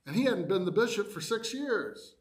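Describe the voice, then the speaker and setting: Animated man telling a church story. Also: sits high, normal speed. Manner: animated, acts out his own reactions with quoted asides. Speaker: adult education speaker. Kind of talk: personal storytelling to a church class.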